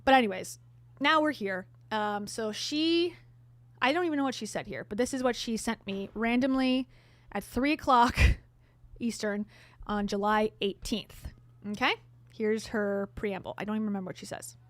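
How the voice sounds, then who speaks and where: A woman's voice: medium pitch, moderate pace, no room sound. A woman hosting her own vlog, telling a story to camera in a chatty, candid way with sarcastic asides. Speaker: vlogger host.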